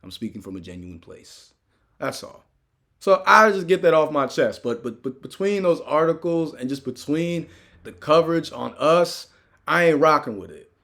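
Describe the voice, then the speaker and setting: A man hosting a sports news vlog, speaking in casual opinion commentary from a room full of fan memorabilia, emphatic and animated, repeating phrases for effect, his volume swinging between loud and soft. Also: fairly high pitch, moderate pace, creaky.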